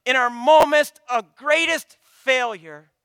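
Pastor, male, 30s: unhurried high voice, dry close sound, sermon with dramatic loud and hushed swings. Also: clear, resonant tone, dry recording. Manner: swings from loud emphatic preaching to hushed near-whispers.

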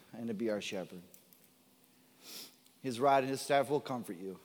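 A man's voice: medium pitch, darkish tone, big-room sound. A man preaching a sermon as pastor, earnest and building to emphatic, repeated declarations. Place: church sanctuary.

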